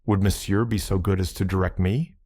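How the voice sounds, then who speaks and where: A man's voice: deep voice, lively intonation, normal speed, a little mellow, no room sound, studio quality. A male narrator voicing a foppish foreign man in his thirties, speaking with a marked foreign accent and over-polite, evasive manners. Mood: politely evasive. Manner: overly polite, feigning confusion.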